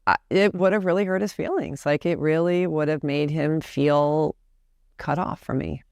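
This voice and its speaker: Gravelly-voiced woman telling a candid story. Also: deep voice, steady tone, normal speed, darkish tone, dry recording, studio quality. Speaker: podcast guest.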